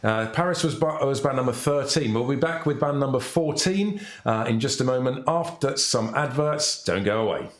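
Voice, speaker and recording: A man's voice: medium pitch, expressive, normal speed, hardly any pauses, reverberant. A man hosting a live online contest broadcast, chatting and handing over to his guests. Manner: chatty, inviting guests to comment. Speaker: livestream contest host.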